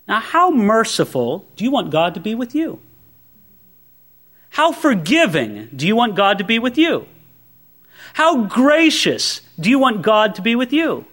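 Lively high-voiced male preacher. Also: unhurried. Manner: animated, conversational preaching with rhetorical questions. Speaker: pastor. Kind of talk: sermon.

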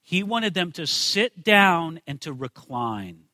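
Male pastor, emphatic sermon delivery, high and forceful tone. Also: big pitch swings, slow, dry recording. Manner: emphatic preacher, repeats phrases and asks rhetorical questions.

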